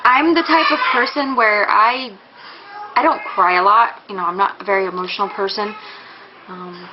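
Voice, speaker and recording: A woman's voice: medium pitch, normal speed, muffled recording, background noise. A young woman talking casually in a pregnancy vlog, rambling with many fillers and restarts, candid and a little embarrassed. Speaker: vlogger.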